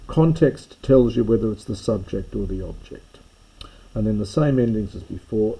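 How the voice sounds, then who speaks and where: A man's voice: mid-range voice, lively intonation, moderate pace, vocal fry, mellow, slightly rough, poor audio. A man giving a recorded grammar lesson, explaining step by step with small self-corrections. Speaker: Greek teacher.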